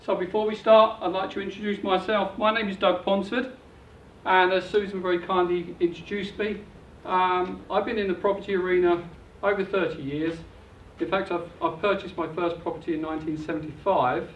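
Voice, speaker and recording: A man's voice: sits high, flat delivery, normal speed, a little hiss or hum. An older man giving an upbeat, salesy property seminar presentation, recorded from a distance in a hotel function room. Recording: echoey dull room recording from afar.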